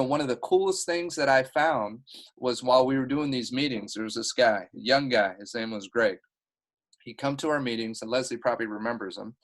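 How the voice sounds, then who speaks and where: A man's voice: mid-range voice, poor audio. A man leading his team's video call meeting, talking in an earnest, heartfelt and rambling way. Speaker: team leader. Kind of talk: motivational team meeting talk.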